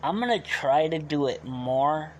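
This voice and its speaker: A man chats slowly and loosely with his live-stream viewers, asking them to rate his act. His throat is sore from straining it. A faint hiss sits under the recording. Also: on the high side, lively intonation, a little mellow. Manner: loose and chatty, asks viewers to rate him. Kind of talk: casual chat with stream viewers.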